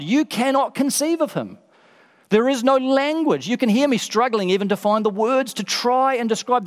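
A male preacher with a fairly high voice delivers a sermon in an emphatic, repetitive style, stacking short phrases one on another. His voice rings out with a long reverb, as if filling a large hall. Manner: emphatic, repeats phrases for effect.

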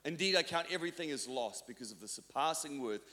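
A man's voice: fairly high pitch, lively intonation, fast talker, bright, forceful tone. A male pastor from New Zealand preaching a sermon, telling stories in a conversational, self-deprecating way with many restarts. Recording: long reverb of a church hall.

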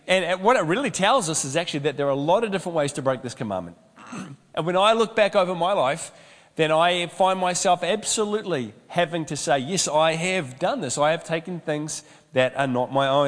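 A man preaches a sermon, his voice sitting high for a man. He tells stories with humorous asides, and a long hall reverb trails his words. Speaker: pastor.

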